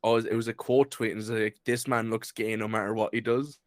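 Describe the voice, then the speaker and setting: A man's voice: lowish voice, level tone, fairly quick, dry recording, clean studio sound. A man with an Irish accent, co-hosting a casual podcast, retelling clips he has seen and laughing along. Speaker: podcast co-host. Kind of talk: casual chat.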